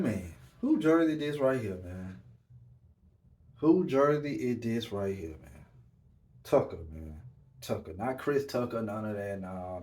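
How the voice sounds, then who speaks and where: A man's voice: on the low side, darkish tone. Male podcast host, easygoing rambling delivery, echoey room. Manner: laid-back, repeats "man" at line ends. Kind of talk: casual monologue.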